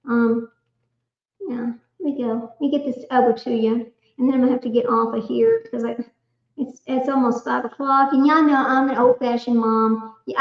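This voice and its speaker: Middle-aged lady on a livestream, high voice, chatty and scattered, echoey dull room sound. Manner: chatty, talks to herself while fumbling with the screen. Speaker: livestream host. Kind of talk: casual livestream chat. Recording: echoey, slightly dull home livestream audio.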